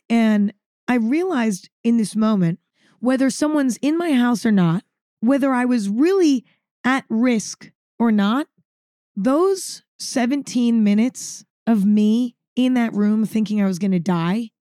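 A woman's voice: on the high side, unhurried, mellow, dry recording, clean studio sound. A woman vlogger telling a story to camera in a casual monologue, dramatic and emphatic, repeating words for effect and swearing freely.

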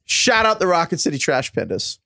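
A man's voice: on the high side, sing-song, fairly quick, vocal fry, sharp tone, no room sound, studio quality. A man hosting a casual sports podcast, asking long, rambling questions full of fillers. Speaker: podcast host. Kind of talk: casual chat.

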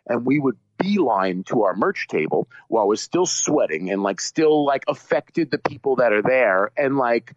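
Rambling, animated male musician guest. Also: mid-range voice, normal speed, few pauses, no room sound. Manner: rambling, animated, many restarts and fillers. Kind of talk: casual interview storytelling. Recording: slightly muffled dry lo-fi audio.

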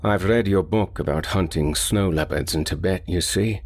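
A man reading the part of a cultivated older general with a slight accent, measured and polite with a faint menace. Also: deep voice, a little hiss or hum, close to an everyday voice. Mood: courtly.

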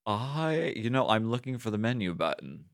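A man co-hosting a podcast in casual chat, bantering and animated, loud one moment and muttering the next. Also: fairly low pitch, normal speed, no echo, studio quality. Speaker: podcast co-host. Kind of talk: casual chat, reading listener emails.

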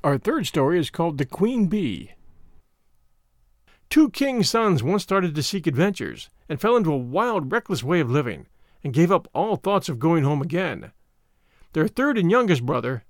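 Storyteller, male, measured expressive delivery, dry close sound. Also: a little high, no echo. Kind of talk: fairy tale reading.

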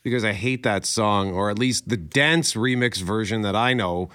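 A man's voice: fairly low pitch, normal speed, bright, forceful tone, no room sound, studio quality. A man hosting a radio panel show in a playful, joking way. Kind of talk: casual radio panel chat.

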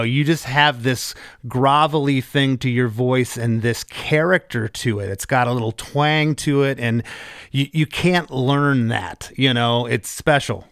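Man, podcast host, earnest, halting starts, middle pitch, dry room. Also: fairly bright tone, dry recording. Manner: earnest, stammers into thoughts, says "mm-hmm" often. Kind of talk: casual interview.

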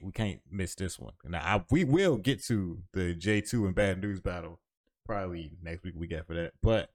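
Deep-voiced laid-back man. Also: a little mellow, dry recording, studio quality. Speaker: podcast host. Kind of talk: casual chat.

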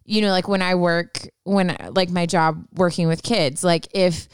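A woman's voice: lowish voice, fairly even intonation, unhurried, smooth, no room sound, studio quality. A woman co-hosting a casual advice podcast, talking in a chatty, reassuring way with many fillers. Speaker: podcast co-host giving advice.

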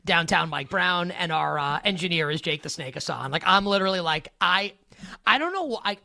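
Bright, giggly male podcast host. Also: high voice, fairly quick, vocal fry. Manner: giggly, excitable, lots of fillers. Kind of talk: casual sports talk.

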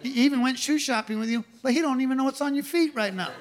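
On a comedy club stage, a middle-aged stand-up comedian from New Mexico, USA, delivers a punchy, conversational set in a very high, fast voice. The live recording is full of loud crowd laughter.

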